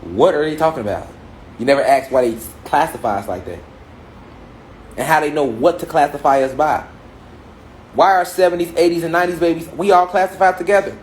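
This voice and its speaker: In an echoey, large room before an audience, a man in his 30s with an African American Vernacular English accent delivers an emphatic spiritual lecture. His voice sits on the high side and moves a little fast, with slight background noise. He's preachy, leaning on rhetorical questions and emphatic repetition.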